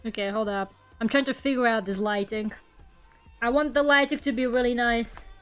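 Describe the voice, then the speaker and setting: A young woman with a light Russian accent, chatting casually on a stream, self-mocking and quick to laugh loudly. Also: fairly high pitch, steady tone, faint music behind. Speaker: Vtuber streamer. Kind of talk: casual chat while drawing. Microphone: streaming microphone at home.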